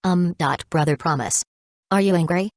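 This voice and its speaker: Timid little girl, hesitant and stammery, a bit higher than the reader's own voice, done by a woman. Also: normal speed, darkish tone, no echo, clean studio sound, lightly acted. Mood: nervous.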